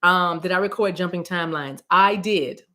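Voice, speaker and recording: A woman's voice: lowish voice, normal speed, pushed and bright. A middle-aged woman from the US East Coast, a spiritual reader chatting casually on a livestream, rambling playfully and greeting viewers by name.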